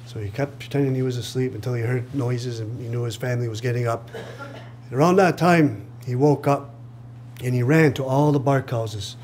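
Lively male storyteller, faint hum. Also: mid-range voice. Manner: lively, acts out voices, chuckles at his own jokes. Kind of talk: live oral storytelling. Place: live reading event.

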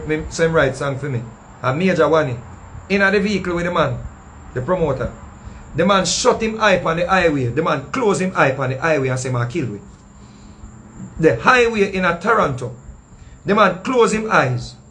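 High-voiced man with a Jamaican accent. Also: moderate pace, a little hiss or hum. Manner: animated, acting out what others said. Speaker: storyteller recounting a past show. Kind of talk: casual storytelling in patois.

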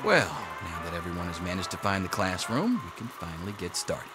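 An actor playing a sardonic schoolteacher addressing a class, with game music behind. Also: male voice, sits low, very animated, fairly quick. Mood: wry. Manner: dry, sardonic. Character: dry, wry male schoolteacher. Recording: game audio with clear background music.

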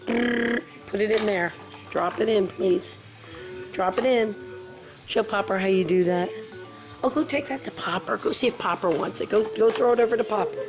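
A mother talking baby talk to her infant son at home, coaxing him with sing-song, repetitive prompts. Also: a little high.

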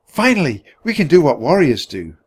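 A man reading a storybook aloud, voicing an eager, bold young girl who jumps in excitedly. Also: on the high side, breathy edge, pitched above the performer's own voice. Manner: excited, quick to jump in.

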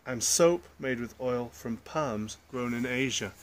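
A man's voice: medium pitch, measured pace, slight background noise. A man reading a children's picture book aloud, adding chatty asides to the listeners. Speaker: storyteller.

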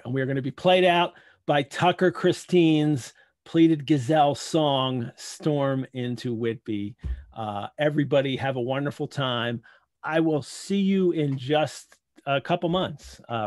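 A man hosting a live video call, giving heartfelt, halting thanks to his co-hosts and audience while holding back tears. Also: mid-range voice, no echo. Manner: heartfelt, halting, many restarts. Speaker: host. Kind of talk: emotional closing remarks on a live video call.

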